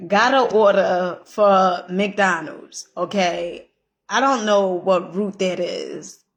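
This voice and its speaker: A motivational vlogger gives a casual pep talk in a slow, medium-pitched voice. She is emphatic and repetitive, swears freely, and keeps checking in with "okay?".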